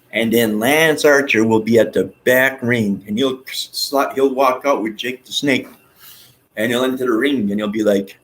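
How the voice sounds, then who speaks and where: A man vlogging in a rambling, excitable monologue, with some swearing. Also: mid-range voice, normal speed, poor audio. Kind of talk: casual monologue.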